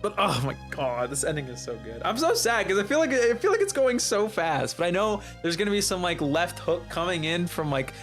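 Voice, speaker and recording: A game streamer chatting casually and excitedly, rambling and laughing between lines of play. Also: mid-range voice, a little fast, few pauses, soft background music. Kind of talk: casual let's-play commentary.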